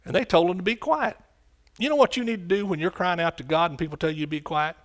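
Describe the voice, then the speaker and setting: Guy preaching, kinda high voice, gets loud then drops way down. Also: fast talker. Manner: impassioned, rising to shouts and dropping low. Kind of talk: sermon.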